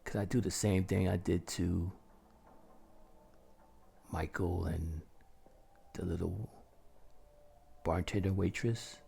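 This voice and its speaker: A man telling a first-person horror story in a slow, menacing, often half-whispered gravelly voice. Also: low voice, fairly even intonation, mellow, slight background noise.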